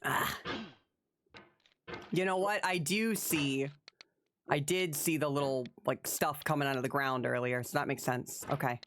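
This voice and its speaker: A woman live-streaming gameplay, commenting as she plays, swearing and yelling at the game, then talking herself back to calm. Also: a bass voice, unhurried, pauses often, slight background noise. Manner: animated, swears, yells at the game.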